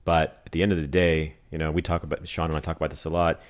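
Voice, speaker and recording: A man co-hosting a podcast who works as a tattoo artist, talking in relaxed casual chat and laughing often. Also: extremely low pitch, fast. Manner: relaxed, laughs often, many fillers and "right" backchannels.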